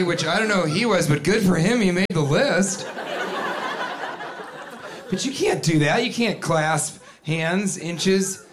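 A man performing a stand-up comedy set, animated and jumping into loud put-on voices and shouts. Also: high voice, a little slow, pauses often. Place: comedy club stage with a live audience. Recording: live club recording with crowd laughter and noise. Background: audience laughing.

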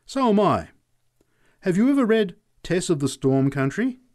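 A large, boastful woman talks in a brisk, conspiratorial manner, voiced by a male storyteller. Her raised voice turns curt and dismissive. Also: sits high, very animated, a little mellow, voice pushed up.

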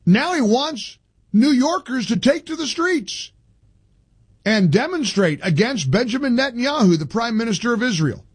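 A man's voice: extremely high pitch, big pitch swings, moderate pace, husky, no echo. A man hosting a talk radio show in a studio, delivering an indignant, emphatic monologue full of restarts.

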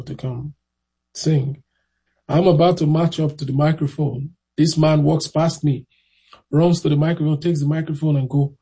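A man telling his story in a casual, animated way, acting out the voices of people he met. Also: on the high side, vocal fry, husky, low-quality recording. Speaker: interviewee.

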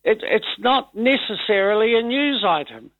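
A man's voice: high voice, big pitch swings, moderate pace, dry recording. An older man with a New Zealand accent calling a talkback show, rambling and hesitant as he grumbles. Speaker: caller. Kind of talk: casual talkback chat. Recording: muffled phone-in line.

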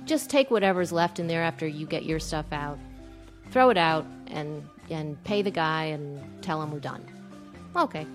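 A woman in her thirties telling a personal story, animated and breathless, acting out the lines she quotes. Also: sits low, normal speed, soft background music.

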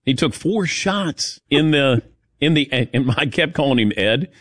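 A man hosting a sports radio show, telling lively personal stories and acting out other people's lines. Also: medium pitch, unhurried, no echo, studio quality. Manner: animated storyteller, acts out quotes. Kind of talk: casual sports radio chat.

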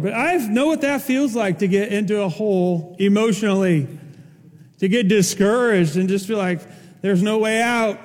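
A man preaching a sermon as pastor, speaking with impassioned emphasis that climbs to forceful peaks. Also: high voice, fairly even intonation, normal speed, in a large hall.

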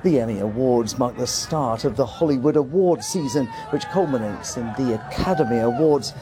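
A man narrating a news report as a correspondent, in a measured delivery. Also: medium pitch, background noise.

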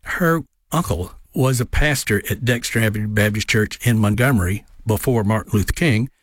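A man's voice: on the low side, moderate pace, dry recording, clean studio sound. A man, a guest and author on a radio interview, tells history anecdotes with frequent uh's and um's. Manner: anecdotal storyteller with frequent fillers. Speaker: guest, tourism director and author.

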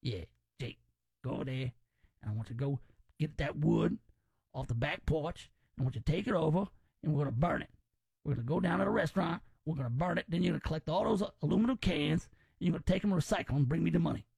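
A man putting on his older uncle, who has a New Orleans accent and fires off chores in rapid run-on orders. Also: on the high side, vocal fry, darkish tone, husky, no room sound, pitched below the performer's own voice. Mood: bossy.

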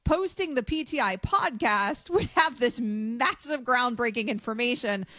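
A woman hosting a sports radio show, brisk and pointed, raising questions and building her case. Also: on the high side, expressive, sharp tone, no room sound, clean studio sound. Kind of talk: sports radio talk with read ads.

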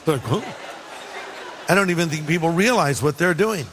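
A little hiss or hum runs under this fairly quick, fairly high-pitched male voice. It belongs to a pastor preaching in a reverberant hall, who tells a lively, funny story and performs the voices of the people in it.

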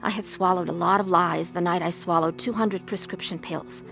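A woman's voice: lowish voice, steady tone, normal speed, creaky, fairly bright tone, faint music behind. Earnest woman telling her own story. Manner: earnest and emotional. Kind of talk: dramatized testimony narration.

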